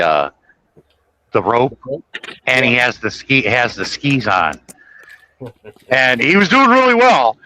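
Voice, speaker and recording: Bright-voiced man rambling on casually. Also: mid-range voice, slight background noise, poor audio. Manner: rambling, self-correcting movie retelling with chuckles. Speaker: host. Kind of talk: casual chat. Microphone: podcast microphone.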